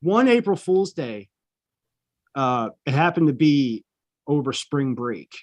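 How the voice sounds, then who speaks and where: A man's voice: medium pitch, very animated, slow pace. A middle-aged man, a podcast co-host, telling a profane story in casual chat and acting out the people in it.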